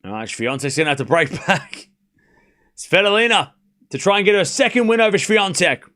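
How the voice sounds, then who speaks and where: A man hosting a live tennis watchalong, giving informal play-by-play that rises to excited shouts on big points. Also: high voice, normal speed. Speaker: host calling a live watchalong stream.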